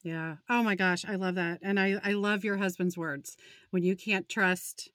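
A woman's voice: mid-range voice, fairly even intonation, unhurried, a bit bright, no echo, clean studio sound. A woman in her forties hosting a faith-based interview, speaking in an encouraging, conversational way. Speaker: host.

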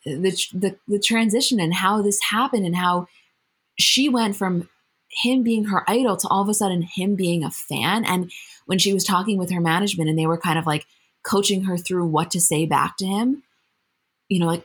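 A woman's voice: mid-range voice, moderate pace, breathy edge. A young woman co-hosting a podcast, speaking in an earnest, heartfelt, casual way. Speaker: podcast co-host. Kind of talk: casual chat.

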